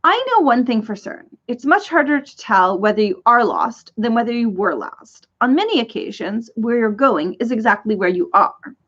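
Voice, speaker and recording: A woman doing a bright, forgetful ordinary man. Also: on the high side, animated, moderate pace, hardly any pauses. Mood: cheery. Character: cheerful, muddled ordinary man of four jobs. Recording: dull lo-fi recording.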